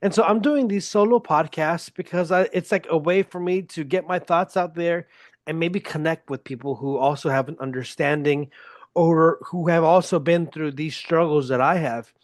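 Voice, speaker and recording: A man's voice: on the high side, moderate pace, no echo, clean studio sound. Joking man on a solo podcast. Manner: self-deprecating and joking. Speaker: podcast host. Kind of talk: casual solo podcast monologue.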